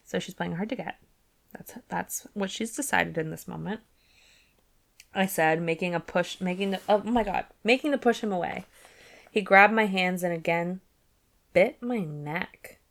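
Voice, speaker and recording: A woman's voice: fairly low pitch, moderate pace, creaky, fairly bright tone. A woman hosting a book club podcast, chatting casually with giggly asides and reading passages aloud.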